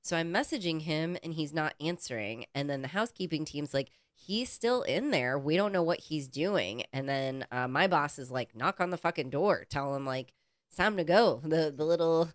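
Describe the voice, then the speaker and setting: A woman co-hosting a podcast, telling a story in casual, animated chat and swearing freely. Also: deep voice, normal speed, no echo, studio quality. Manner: animated, profane, acts out quoted people. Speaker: podcast co-host.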